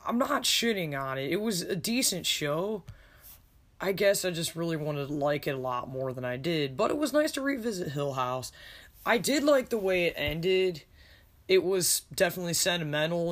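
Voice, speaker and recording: A man's voice: fairly high pitch, very animated, normal speed, a bit bright. A man casually reviewing a series on a podcast, rambling and self-deprecating, with plenty of swearing. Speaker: podcast host reviewing a show.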